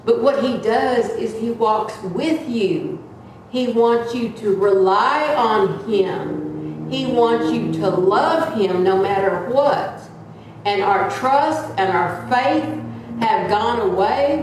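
Loud earnest woman preaching in church. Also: on the high side, takes it slowly, background noise. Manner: earnest and plain-spoken. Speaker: church member giving a talk. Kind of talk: sermon-style talk. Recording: echoey room from far off.

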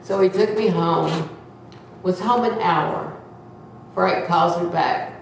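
A woman's voice: fairly low pitch, slow pace, vocal fry, a little hiss or hum. Chatty seventy-year-old woman, echoey room. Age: 70s. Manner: chatty, expressive, laughing often; devout, speaks often of God. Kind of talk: casual storytelling. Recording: echoey, slightly distant mic.

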